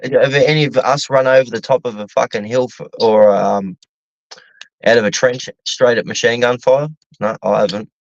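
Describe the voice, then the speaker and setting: A man's voice: mid-range voice, steady tone, normal speed. A middle-aged Australian man chatting casually, rambling and swearing as he thinks aloud. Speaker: podcast co-host. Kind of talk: casual chat. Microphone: online call mic. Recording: dull lo-fi dry sound.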